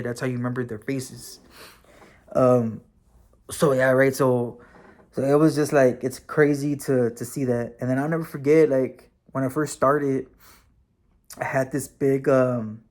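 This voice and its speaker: A man's voice: mid-range voice, a little slow. A man recording a vlog, telling a personal story casually with many fillers and the odd swear word. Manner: relaxed and conversational, with frequent fillers and occasional swearing. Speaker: vlogger and former correctional officer, now bus driver.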